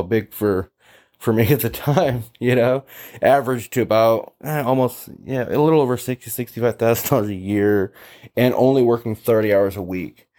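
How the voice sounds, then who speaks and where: A man with a somewhat low voice tells his story in a loose, chatty way, full of fillers. He jumps into the voices of the people he quotes. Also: a little mellow. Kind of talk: casual storytelling monologue.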